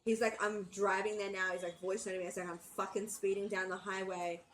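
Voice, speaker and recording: A woman's voice: mid-range voice, little pitch movement, fairly quick, slight background noise, poor audio. A young woman from Australia co-hosting a podcast, telling a story in casual chat, swearing often and acting out quotes. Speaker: podcast co-host.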